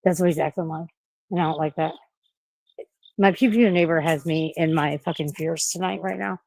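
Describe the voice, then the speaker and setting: A woman's voice: low-pitched, moderate pace, vocal fry, darkish tone, slight background noise. A woman chatting on a livestream, swearing a lot and sounding scared and out of breath outdoors at night. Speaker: streamer. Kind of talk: casual livestream chat.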